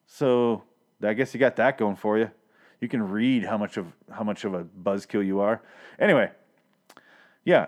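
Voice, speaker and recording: A man's voice: lowish voice, darkish tone. Rambling, foul-mouthed man recapping a show. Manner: profane, rambling, self-deprecating. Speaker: podcast host recapping a TV show. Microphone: home microphone with audible plosives.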